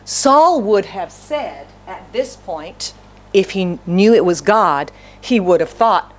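A woman's voice: on the low side, lively intonation, slow pace. A woman pastor preaching an earnest, conversational sermon, often asking the congregation questions.

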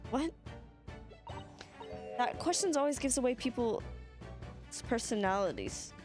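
A woman's voice: fairly high pitch, animated, measured pace, long pauses, darkish tone. A young woman streamer chatting casually through a let's-play, swearing and laughing often. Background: faint game music.

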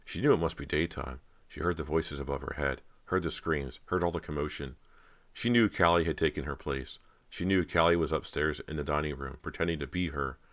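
A man reading a horror audiobook in a steady, dramatic way. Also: very deep voice. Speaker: audiobook narrator. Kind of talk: scripted narration of a horror novel.

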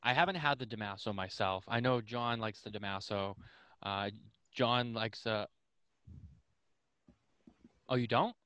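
Podcast host guy chatting, smooth clear voice, lots of restarts, dry sound. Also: lowish voice, measured pace, pauses often, no room sound, lo-fi sound. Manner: animated, rambling with many restarts. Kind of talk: casual chat.

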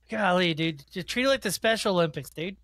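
A man's voice: sits high, lively intonation, fairly quick, a bit bright. A man co-hosting a podcast, casual chat full of joking, laughter and crude banter. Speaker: podcast co-host.

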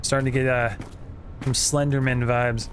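A man giving casual, joking let's-play commentary at an average pitch. Clear game audio runs behind his voice the whole time. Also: little pitch movement, normal speed, slight background noise. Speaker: gaming channel host.

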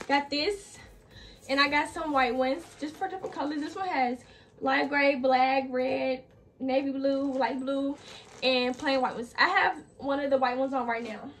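A young adult woman fashion vlogger speaks a little slowly in a high, pushed, bright voice, chatty and slightly out of breath. She walks through a clothing DIY tutorial, saying "like" and "y'all" a lot. She's off the mic at a distance, with faint music and slight background noise behind her.

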